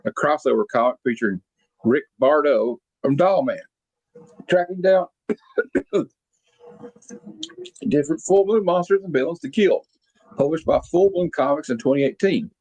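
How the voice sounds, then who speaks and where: A man's voice: fairly high pitch, expressive, moderate pace, pauses often, a little mellow, husky, dry recording, dull audio. A man hosting a casual movie-review podcast, talking in a loose, rambling way with many fillers. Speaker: podcast host.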